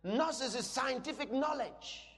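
A man preaching a sermon, teaching in an emphatic way and breaking into shouted declarations, often asking the congregation questions. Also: very high voice, unhurried. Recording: long hall reverb.

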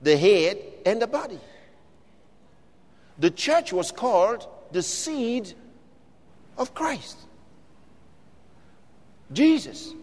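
A man's voice: high-pitched, very animated, drawn-out words, long pauses, a little mellow. A man preaching a sermon, emphatic and exhorting his listeners with repeated questions. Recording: long reverb of a large hall.

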